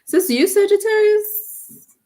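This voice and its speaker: A woman's voice: extremely high pitch, expressive, measured pace, a little mellow. A woman giving a live-streamed tarot reading, rambling with many fillers and restarts. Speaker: tarot reader.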